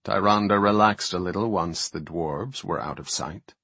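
Man narrating a fantasy book, low kinda husky voice, dry close mic. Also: measured pace, a bit bright, no room sound. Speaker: audiobook narrator.

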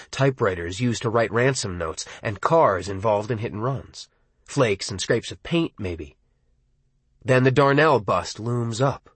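Male narrator, husky voice, dry close recording, first-person novel reading, measured and brooding. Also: medium pitch, no echo. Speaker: audiobook narrator.

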